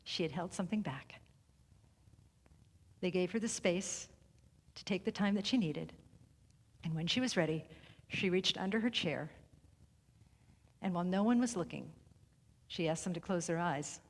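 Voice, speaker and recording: Woman preaching a story sermon, slow deliberate pauses, long hall echo around her. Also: fairly low pitch. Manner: measured, deliberate, with long pauses and softened phrases. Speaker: speaker at a spiritual center service. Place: sanctuary hall. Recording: reverberant hall recording.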